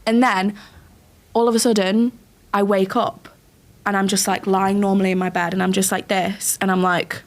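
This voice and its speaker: A young woman co-hosting a podcast, telling a story in relaxed chat with some laughs. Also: mid-range voice, normal speed. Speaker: podcast co-host. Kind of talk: casual chat.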